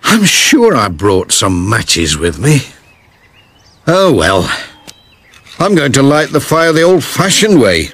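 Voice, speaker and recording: A man voicing a cheerful, friendly village postman and kindly dad in a children's cartoon, with a gentle, patient delivery. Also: medium pitch, huge pitch swings, slow pace, pauses often, breathy edge, full character voice. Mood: instructing. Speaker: postman on a camping trip with children.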